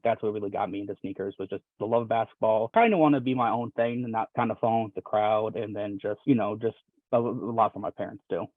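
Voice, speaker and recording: A man's voice: fairly low pitch, no echo. A young man from Wisconsin chatting casually as a podcast guest, rambling with lots of fillers and restarts. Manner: rambling, many fillers and restarts, laughs often. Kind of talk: casual chat. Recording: dry, tinny phone-like line.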